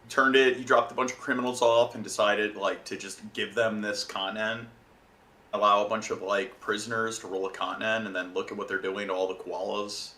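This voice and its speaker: An American man hosting a casual stream podcast, trading sardonic deadpan jokes. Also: lowish voice, brisk. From United States. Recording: roomy echo.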